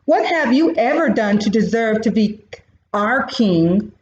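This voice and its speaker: A woman's voice: on the high side, lively intonation, unhurried, a little hiss or hum. A woman voicing a scornful male vulture who speaks with a sneer, in a storybook reading. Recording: roomy, dull recording.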